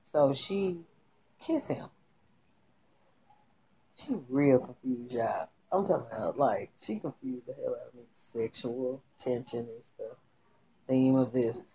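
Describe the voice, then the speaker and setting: Lady w a real deep low voice doing a slangy tv recap, talking straight to the viewers. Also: slow, pauses often, mellow, slight background noise. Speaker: TV show recapper. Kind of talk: casual TV recap commentary.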